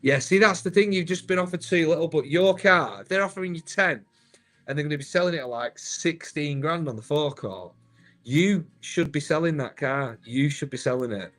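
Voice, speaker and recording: A man's voice: on the high side, animated, normal speed, fairly bright tone, faint music behind. A man, hosting a live stream, chatty and upbeat, calling viewers "mate". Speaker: host.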